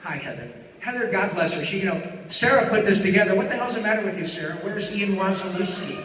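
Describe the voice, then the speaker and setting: Bright, high-voiced joking man in echoey hall. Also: animated, fast talker. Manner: joking, chatty, slips in character voices. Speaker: voice actor giving a live talk. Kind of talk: live talk with audience Q&A. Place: live venue in front of an audience. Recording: echoey hall from far off, faint noise.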